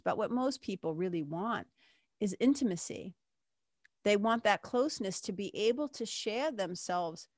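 A woman's voice: medium pitch, no room sound, clean studio sound. A woman hosting a podcast, talking casually in a self-help monologue, full of fillers and mild swearing. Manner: chatty, frequent fillers and swearing, laughs at herself. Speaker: podcast host.

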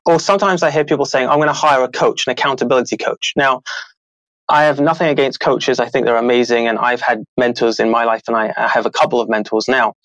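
A middle-aged man, an author and show host, telling a story in a casual, animated way and acting out the people he quotes. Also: medium pitch, quick pace, no room sound, poor audio. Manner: animated, acts out quoted voices, laughs often.

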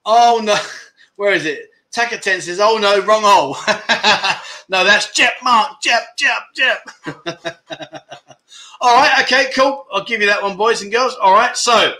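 A man chats on a casual livestream and reads out viewer comments. He jokes and teases as he goes, in a high, bright voice that rings clearly. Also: slow pace. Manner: jokey, teasing viewers, laughs often. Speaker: livestream host.

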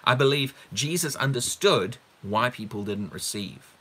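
A male preacher teaching from a Bible passage in a bright, forward voice. He is emphatic, leans on repeated words, and keeps putting rhetorical questions to his listeners. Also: medium pitch, expressive, unhurried, slightly rough.

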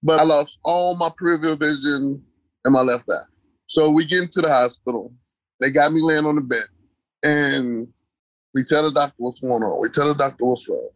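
Man, interview guest, personal storytelling, emphatic repetition, slightly high pitch, dry sound. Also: moderate pace, a bit bright, no echo. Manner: emphatic, repeats key phrases; casual, colloquial delivery.

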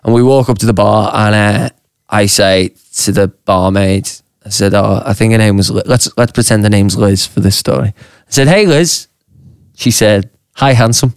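A podcast co-host from Liverpool, England, tells an animated pub story in the studio, swearing freely and slipping into quick voices for the characters. His fairly low voice is smooth and resonant, recorded close and dry with no room sound.

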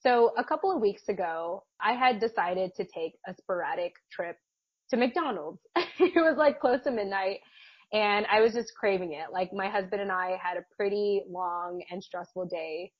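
A woman's voice: mid-range voice, normal speed, breathy edge, no room sound, dull audio. A woman podcast co-host casually telling a long personal story, chatty, with frequent laughs and restarts. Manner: chatty, laughs often, many fillers and restarts.

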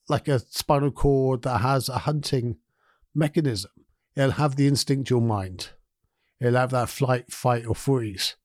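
Here a male podcast host with a medium, somewhat mellow voice talks through ideas conversationally, restarting sentences and dropping in asides. The sound is clean studio audio without any room sound.

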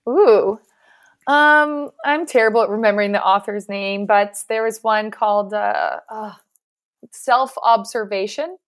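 A woman's voice: mid-range voice, measured pace. A woman, a physical therapist, talking at length as an earnest, reflective guest in a casual interview.

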